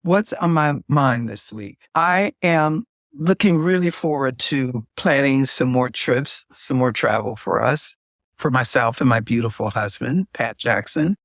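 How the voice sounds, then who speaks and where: A woman's voice: a bass voice, lively intonation, measured pace, no room sound, clean studio sound. Emphatic, chatty woman co-host. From United States. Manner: chatty, emphatic, folksy asides. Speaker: podcast co-host and singer. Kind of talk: casual chat.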